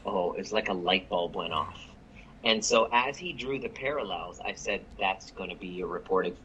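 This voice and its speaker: A man, a chiropractic coach and guest, telling a story on a live call in an energetic way, quoting people as he goes. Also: on the low side, lo-fi sound, slight background noise. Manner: energetic, quotes people in the story, repeats words when excited.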